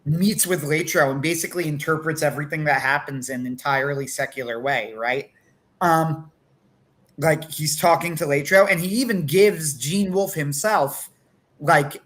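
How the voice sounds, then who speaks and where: A man co-hosting a casual livestream talk, animated, acting out quotes between many fillers. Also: on the high side. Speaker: podcast co-host.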